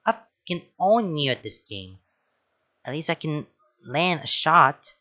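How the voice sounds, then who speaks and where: A man's voice: on the high side, sing-song, slow pace, sharp tone, exaggerated voice. A man voicing a sarcastic teen girl gamer who ribs her friend with snarky, bossy jabs. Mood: boastful. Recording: dull lo-fi recording.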